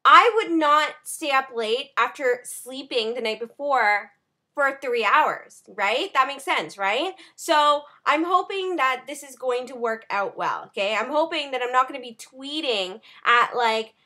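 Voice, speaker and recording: Young woman vlogger, high bright voice, chatty and animated, running on little sleep. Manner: animated, talks fast with many "like" and "okay" fillers. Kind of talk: casual vlog rant.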